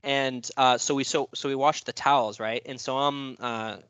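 A man's voice: mid-range voice, steady tone, normal speed, a bit bright, smooth, no echo. Swearing, rambling guy telling a story. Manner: rambling, profane, lots of fillers. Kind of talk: casual storytelling chat.

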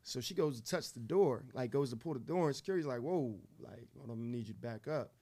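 A man co-hosting a morning radio show, telling a story in a casual, animated way and acting out the voices of the people in it. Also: mid-range voice, fast.

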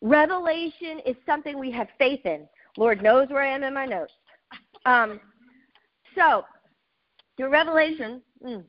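A middle-aged woman preaching a sermon, telling her own testimony with emotional, animated asides. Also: on the high side, highs cut off.

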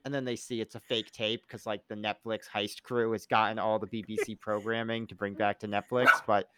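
A man co-hosting a casual podcast, rambling and joking, often slipping into loud comic impressions. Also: lowish voice, little pitch movement, normal speed, clear, resonant tone, no room sound. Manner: rambling, jokey, slips into loud comic voices. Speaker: podcast co-host. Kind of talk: casual chat reviewing a TV show.

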